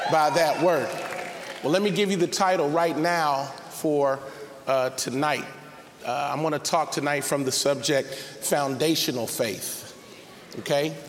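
A man preaching a sermon as pastor, reading scripture and building up to shouted, emphatic calls to his congregation. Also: mid-range voice. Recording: reverberant hall with faint noise.

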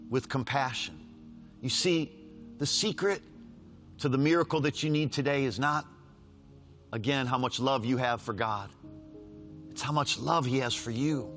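Guy preaching slow, big swings from loud scripture reading to quiet pleading, repeats himself for emphasis, faint music behind. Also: mid-range voice. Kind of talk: sermon.

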